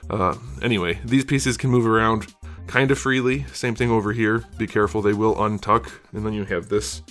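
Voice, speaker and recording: A man's voice: on the low side, steady tone, moderate pace, a bit bright, faint music behind. A man talking casually through an action figure review, slightly out of breath from being sick, rambling with fillers and hedges. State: out of breath from illness. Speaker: toy reviewer.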